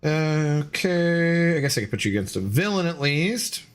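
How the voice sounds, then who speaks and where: Slightly high and sing-song, this man's clean-toned voice moves at normal speed. While live-streaming a game, he keeps up a jokey conversation with chat, laughing frequently as he responds to viewers.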